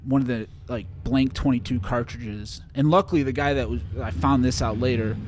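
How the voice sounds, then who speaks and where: This interview-show guest, a young man from Chicago, recounts something personal in fits and starts, with lots of fillers and restarts. His pitch is medium, and there's background noise.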